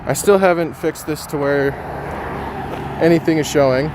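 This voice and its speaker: A chatty male streamer with a slightly higher voice talks casually to his viewers, reading their comments aloud between ums. He is recorded outdoors, with clear traffic and street noise around him. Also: moderate pace. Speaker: live streamer. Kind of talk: casual live-stream chat.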